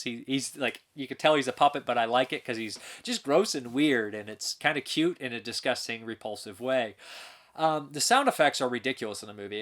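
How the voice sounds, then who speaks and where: A man's voice: mid-range voice, a bit bright. A man hosting his own channel, giving an enthusiastic, rambling spoken movie review with frequent restarts and chuckles.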